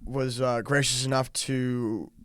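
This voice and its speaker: Young man in smooth, dry podcast chat. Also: medium pitch, flat delivery, fairly bright tone, dry recording. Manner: chatty, quick to laugh, talks in run-on asides. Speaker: podcast co-host. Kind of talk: casual chat.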